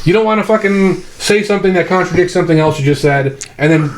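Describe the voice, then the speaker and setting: A man's voice: sits high, fast talker, slight background noise. A man co-hosting a podcast, giving laid-back, profane advice in casual chat. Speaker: podcast co-host. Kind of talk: casual chat, explaining tips.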